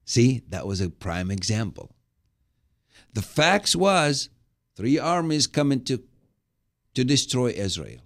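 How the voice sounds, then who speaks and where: Lively enthusiastic male preacher. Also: mid-range voice, slow, pauses often. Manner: enthusiastic, repeats words for emphasis; explains and applies scripture. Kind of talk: live webcast sermon.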